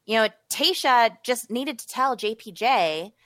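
A woman's voice: fairly high pitch, expressive, measured pace, fairly bright tone, dry recording. A woman co-hosting a podcast, chatting casually with stammering restarts and frank opinions. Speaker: podcast co-host. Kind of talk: casual chat recapping a reality show.

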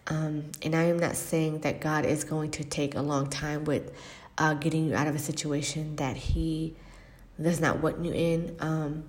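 A woman hosting a faith-based podcast, speaking earnestly and reflectively with frequent pauses and fillers. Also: low-pitched, flat delivery, a little mellow. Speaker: podcast host. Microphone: podcast microphone.

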